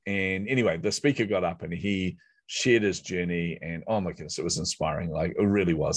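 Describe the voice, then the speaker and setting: Speaking fairly quickly in a low voice, a middle-aged male guest in a conversation spins an animated, self-deprecating story and voices his own inner thoughts aloud. The recording is dry.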